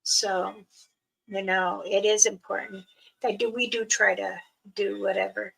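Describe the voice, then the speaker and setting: An older woman, a spiritual elder, talking casually to her viewers in a slow, soft, halting way with many pauses. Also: medium pitch, level tone, creaky, husky, poor audio. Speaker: spiritual elder and channel host.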